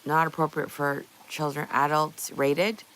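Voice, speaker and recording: A woman's voice: low-pitched, level tone, measured pace, a bit bright, poor audio. A woman livestreamer chatting casually with her viewers, reading their messages aloud, playful and often laughing.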